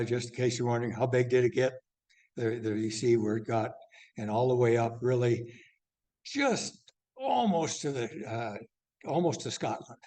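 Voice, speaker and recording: A man's voice: mid-range voice, dark tone. Older man teaching a church class. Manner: rambling, many uh fillers and restarts.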